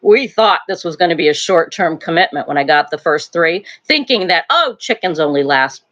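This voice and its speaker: Chatty older woman, lively voice. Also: fairly low pitch, a little fast, lo-fi sound. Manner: chatty, rambling, laughs often. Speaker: host of a live stream. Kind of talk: casual live-stream chat. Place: home, near a wood stove.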